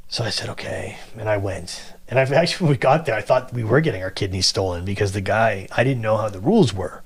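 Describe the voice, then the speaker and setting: Guy with a lowish voice telling a story, acts out the people in it. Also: fast, hardly any pauses, husky. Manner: animated, acts out quoted people. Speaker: guest telling his story. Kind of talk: casual storytelling.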